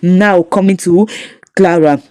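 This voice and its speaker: A woman, recapping a comedy series in an animated storytelling way, with emphatic asides to her viewers. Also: lowish voice, takes it slowly, poor audio. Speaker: show recap reviewer. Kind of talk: casual recap commentary.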